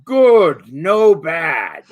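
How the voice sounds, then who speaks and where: A man's voice: fairly high pitch, huge pitch swings, drawn-out words, pitched above the performer's own voice, exaggerated voice. A man voicing a huge female giant who talks in simple broken words. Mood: earnest.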